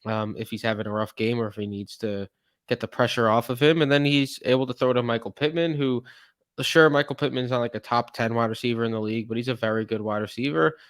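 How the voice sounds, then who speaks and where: A man co-hosting a podcast, explaining his reasoning in a measured, casual way. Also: medium pitch, fairly even intonation, smooth, dry recording. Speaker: podcast co-host. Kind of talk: casual fantasy football analysis.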